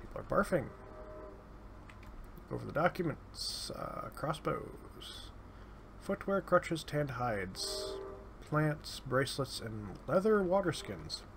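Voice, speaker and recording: A man's voice: fairly high pitch, sing-song, takes it slowly, vocal fry, fairly bright tone, slight background noise. A man giving casual, sardonic gameplay commentary, muttering his way through lists of items. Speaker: let's play host. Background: keyboard typing.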